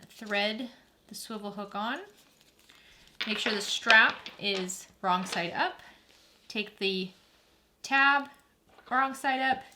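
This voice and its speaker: A woman with a bright, clear tone walks through a craft project one step at a time, talking in a friendly, practical way as she works. Her pitch sits in a middle range. A faint hiss lies under the voice. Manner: friendly, practical, talks while working. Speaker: sewing tutorial host.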